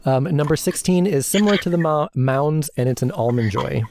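Very low-voiced, dry-spoken woman. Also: lively intonation, fairly quick, darkish tone, slight background noise. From California. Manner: dry, matter-of-fact, runs the list. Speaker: podcast co-host. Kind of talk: casual chat.

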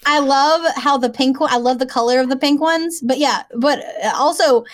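A woman's voice: high voice, normal speed, dry recording. A young woman with a light Southern American accent, chatting casually and giggling as a podcast co-host. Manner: chatty, giggly, rambling with fillers. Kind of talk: casual chat.

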